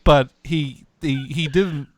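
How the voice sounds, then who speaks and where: A man's voice: on the high side, steady tone, slow pace, heavy background noise. A man streaming, reacting to prank calls and telling a story, laughing and rambling casually on a close mic.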